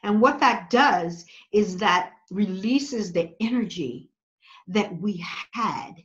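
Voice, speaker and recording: A woman's voice: mid-range voice, animated, slow pace. A woman guest on a podcast giving earnest, preacherly advice, stressing her points by repeating phrases. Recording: slightly dull lo-fi audio.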